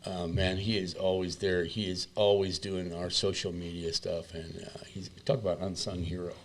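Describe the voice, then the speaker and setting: Easygoing male host with a lowish voice and faint background hiss. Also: little pitch movement, moderate pace. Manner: easygoing, praising. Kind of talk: casual interview chat.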